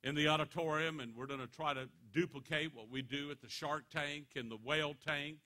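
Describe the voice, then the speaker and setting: A man addresses a room of students as a motivational speaker, spinning animated, joking stories. His voice sits a little high and comes across bright and forceful. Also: brisk.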